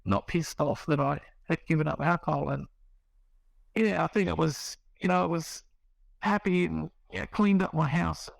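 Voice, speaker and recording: A man's voice: fairly high pitch, fairly even intonation, moderate pace, vocal fry, no echo, low-quality recording. A middle-aged man, casually telling his recovery story in a rambling way, with restarts and quoted dialogue. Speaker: guest sharing recovery story.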